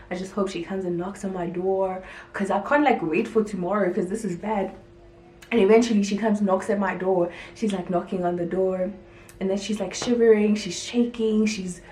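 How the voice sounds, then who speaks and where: A woman vlogger telling a dramatic story to camera, acting out what people said, with lots of "like". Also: mid-range voice. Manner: animated, acts out quotes, frequent "like". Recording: echoey room, faint music behind.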